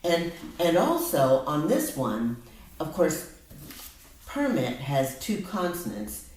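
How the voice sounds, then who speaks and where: A woman's voice: deep voice, sing-song, slow pace, a little mellow. A woman tutoring reading and spelling one-on-one, patiently explaining step by step. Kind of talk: one-on-one phonics lesson. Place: room with a whiteboard. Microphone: laptop camera on a table. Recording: very echoey room, from far off.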